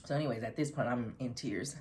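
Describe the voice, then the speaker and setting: Woman vlogger, unusually low voice, chatty rambling storytime over a meal. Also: fast talker, a little mellow, a little hiss or hum. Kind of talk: casual storytime while eating.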